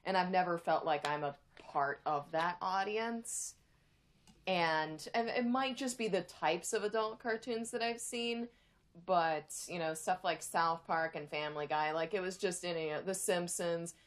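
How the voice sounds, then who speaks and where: A woman's voice: lowish voice, unhurried. A young woman co-hosting a podcast in casual chat, thoughtful and rambling. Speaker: podcast co-host.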